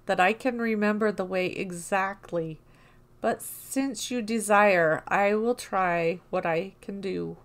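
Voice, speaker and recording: A woman's voice: medium pitch, slow. A woman voicing a proud, cagey old male cobbler who boasts of his good eyes in a storybook reading.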